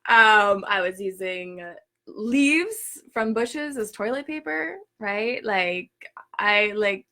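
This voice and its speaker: A young woman hosting a live spiritual workshop, telling her story in an animated, chatty way full of "like". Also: medium pitch, slow pace. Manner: chatty, heavy use of "like", emphatic and animated. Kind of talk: casual storytelling talk. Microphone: live stream, reads viewer comments.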